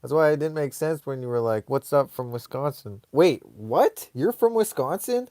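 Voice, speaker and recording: A man's voice: medium pitch, expressive, normal speed, darkish tone, no echo, clean studio sound. A man hosting a casual live stream, rambling in a laid-back way and reading viewer comments aloud.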